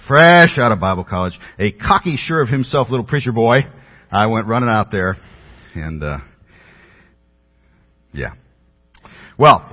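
A man's voice: mid-range voice, breathy edge. A man preaching a sermon as a pastor, telling stories about himself in an earnest, self-deprecating way. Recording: dull audio with long hall reverb.

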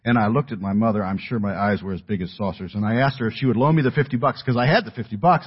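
A middle-aged man preaching a sermon in an earnest, emphatic way, dropping his voice low at key words. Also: expressive, quick pace, hardly any pauses, slightly rough. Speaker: pastor. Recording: dull lo-fi audio.

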